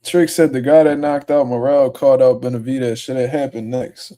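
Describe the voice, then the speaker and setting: A man's voice: medium pitch, steady tone, fairly quick, dark tone. A young man hosting a casual livestream, reading viewer comments and answering them in a profane, laid-back way that turns heated. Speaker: livestream host.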